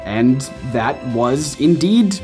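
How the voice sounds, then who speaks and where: A man's voice: mid-range voice, animated, takes it slowly, mellow. A man hosting a scripted commentary video, speaking in a playful and self-mocking way. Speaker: video essay host. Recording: faint music behind.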